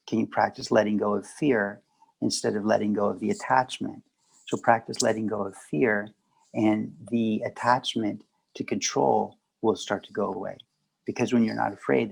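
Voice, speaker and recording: A man speaking as a guest at a spiritual gathering, answering questions in a calm, reassuring way. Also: lowish voice, vocal fry, breathy edge, rough recording. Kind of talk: conversational storytelling.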